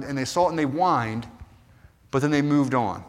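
A man preaching with earnest conviction, his voice mid-pitched and swinging from quiet, intimate stretches to fervent, building appeals. His words ring out with a long reverb, as if in a large hall. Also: moderate pace, long pauses. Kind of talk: sermon.

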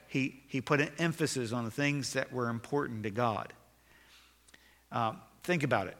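A man preaching a sermon as pastor, building to loud emphatic bursts and dropping back to a quiet tone. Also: medium pitch, a little fast, long reverb tail.

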